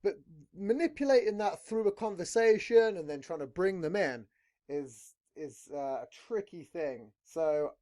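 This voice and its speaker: This is a man hosting a podcast in loose, casual chat. His pitch jumps up and down a lot as he talks, and he swears bluntly and rambles from one thought to the next. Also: expressive, a little slow, dark tone. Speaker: podcast host.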